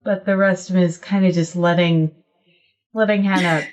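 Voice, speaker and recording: A woman's voice: fairly low pitch, moderate pace. A woman running a tabletop game as game master, narrating with easy fillers and frequent giggles. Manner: relaxed, giggly, hesitant fillers.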